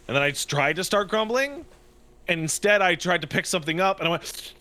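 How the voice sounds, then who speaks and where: A young adult man co-hosting a podcast in casual chat, an animated storyteller who acts out his quotes. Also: sits high, fairly quick. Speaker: podcast co-host. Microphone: studio podcast mic.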